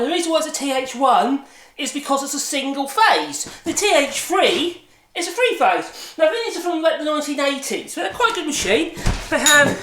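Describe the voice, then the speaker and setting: A man chatting casually in a home workshop vlog, rambling and correcting himself as he talks through a machine. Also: very high-pitched. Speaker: hobby woodworker showing a machine. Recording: echoey room, distant mic, noisy background.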